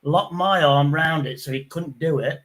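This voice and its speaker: A man hosting a casual chat, telling rough pub stories bluntly and acting out the voices of the people in them. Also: fairly high pitch, normal speed, a bit bright. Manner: blunt, sweary, acts out quoted voices.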